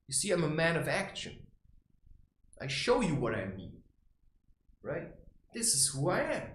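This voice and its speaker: A blunt, profane man rambles through a spiritual monologue in a fairly high voice that swoops up and down. His talk is heard in an echoey room with faint ambient noise behind him. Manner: blunt and profane, with frequent "right?" and "you know". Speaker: creator sharing spiritual advice. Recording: roomy echo with faint ambience.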